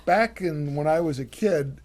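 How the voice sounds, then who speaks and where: Older man, casual cooking-show chat, rambling, fillers and restarts, slightly high voice. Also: lively intonation, unhurried, a little mellow. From United States.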